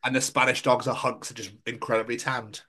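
A man's voice: medium pitch, level tone, a little fast, sharp tone, slightly rough. A man co-hosting a podcast, joking in a rambling, sweary, silly way. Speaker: podcast co-host. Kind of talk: casual comedic chat.

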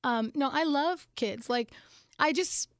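A woman comedian chatting casually, telling animated, profane stories and laughing often. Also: high-pitched, slow, no room sound, studio quality. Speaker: comedian guest. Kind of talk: casual chat.

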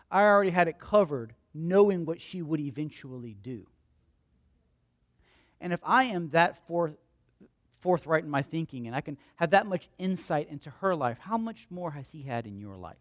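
Preaching at a fairly high pitch, a male pastor is captured with clean studio sound and no echo. His sermon moves from quiet storytelling to loud, emphatic peaks, as he repeats lines for emphasis and asks questions only to answer them himself.

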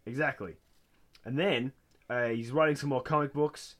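A man co-hosting a podcast, casually retelling a TV episode and jumping into high, excited voices for the characters. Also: normal speed. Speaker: podcast co-host. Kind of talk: casual chat recapping a TV episode.

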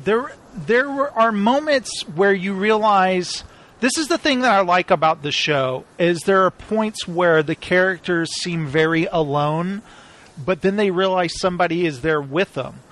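A man's voice: sits high, a little slow. A man in casual chat, talking at length and acting out quoted lines. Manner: rambling, animated, acts out quoted lines. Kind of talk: casual chat about TV shows.

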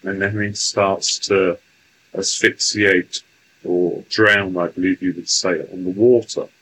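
A man speaking formally in a stilted, deliberate way as the voice in a channeling session, telling a joke and chatting with guests. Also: low voice, flat delivery, a bit bright, a little hiss or hum, rough recording.

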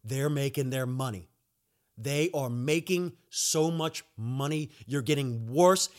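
A young podcast host who is recovering from being sick takes it slowly at a medium pitch as he delivers an angry monologue. The rant is heated and profane, and he repeats himself when his anger flares.

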